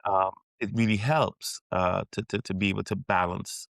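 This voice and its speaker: Middle-aged man from Trinidad and Tobago, sports psychiatrist guest, low and gravelly, reflective and halting. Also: fairly even intonation, fairly bright tone, dry recording. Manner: reflective, with frequent restarts and fillers. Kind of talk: podcast interview.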